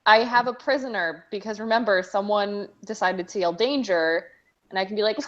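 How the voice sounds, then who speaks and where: A woman playing a tabletop game, pitching ideas in a playful, laughing manner. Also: normal speed, a bit bright, highs cut off. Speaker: player.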